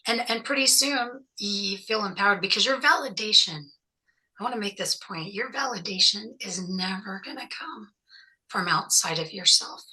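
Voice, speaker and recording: A woman's voice: mid-range voice, moderate pace, bright, forceful tone, low-quality recording. A woman interview guest speaking as a survivor and activist, talking in an emphatic, encouraging way. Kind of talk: conversational interview advice.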